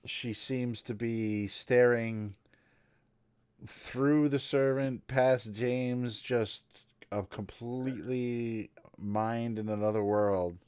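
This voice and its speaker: A man narrating as game master of a tabletop game, unhurried and conversational. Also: mid-range voice, steady tone, darkish tone, clear, resonant tone, dry recording.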